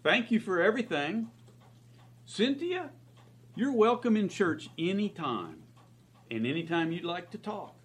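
An actor playing a kindly, earnest small-town reverend who speaks calmly. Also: male voice, high voice, husky, exaggerated voice. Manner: calm, earnest, slow. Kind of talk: drama scene.

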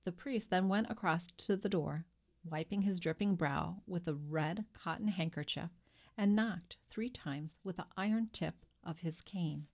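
A woman narrating a classic novel as an audiobook, with measured, expressive storytelling. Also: on the low side.

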